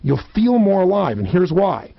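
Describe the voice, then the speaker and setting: Man, motivational speaker, energetic self-help lesson, high lively voice, dull dry recording. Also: normal speed, vocal fry, no echo. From United States. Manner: energetic, acts out quoted voices with big pitch swings.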